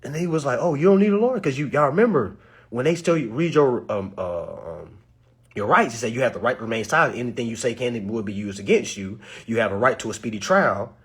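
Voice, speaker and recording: A young man telling a story to his audience, acting out the quotes with sudden high bursts and laughs. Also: animated, fast talker, husky. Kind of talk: animated storytelling talk.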